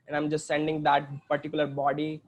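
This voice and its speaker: A man with an Indian English accent walking through a software demo on a screen share, hesitant, with many fillers and restarts. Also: a little high, monotone, brisk, highs cut off. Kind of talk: screen-share tutorial walkthrough.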